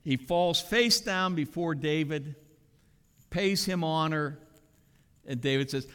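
Male preacher with an animated, swooping delivery, heard in a big echoing sanctuary. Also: on the high side, slow. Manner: animated preaching with dramatic emphasis. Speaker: pastor. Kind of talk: sermon. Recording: reverberant hall.

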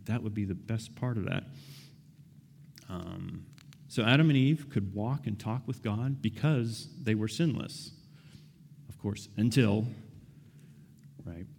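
Casual preacher with a gravelly low voice. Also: male voice, a little mellow. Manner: casual, asks the listeners questions, often says "right?". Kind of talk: conversational sermon. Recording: reverberant hall.

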